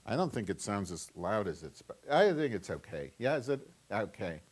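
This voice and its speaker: A man's voice: on the low side, very animated, normal speed, slight background noise. A man hosting a live webcam show from home on a wireless mic, rambling profanely with abrupt outbursts as he moves around his kitchen. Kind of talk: rambling live-stream monologue.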